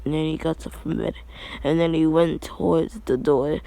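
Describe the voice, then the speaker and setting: Rambling gravelly young guy telling a story. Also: on the high side, fairly even intonation, normal speed, dark tone, no room sound. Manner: rambling, many fillers and restarts. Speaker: anime fan storyteller. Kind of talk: casual fan story retelling.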